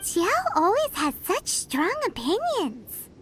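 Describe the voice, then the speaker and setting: A woman's voice: extremely high pitch, wildly swooping pitch, takes it slowly, a little hiss or hum, exaggerated voice. A woman voicing a small, chatty, teasing female companion sprite in a video game, over game music.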